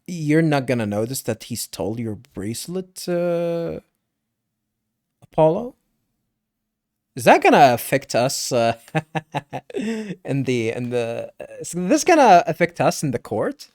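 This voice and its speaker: A man giving casual, rambling commentary over a game, halting and laughing as he reads along. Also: mid-range voice, sing-song, darkish tone. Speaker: let's play host.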